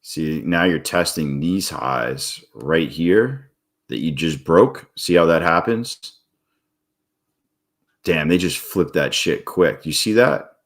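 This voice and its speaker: A man's voice: rumbling low, lively intonation, slow pace, a bit bright. A man streaming his day trading live, talking viewers through chart moves in a casual, blunt way and swearing freely when a trade goes wrong.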